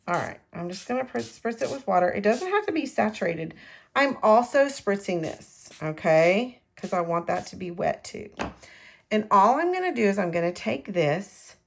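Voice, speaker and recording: A middle-aged woman giving a casual, rambling craft tutorial from her home craft room, correcting herself as she goes. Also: medium pitch. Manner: chatty, rambling, self-correcting. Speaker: card-making demonstrator.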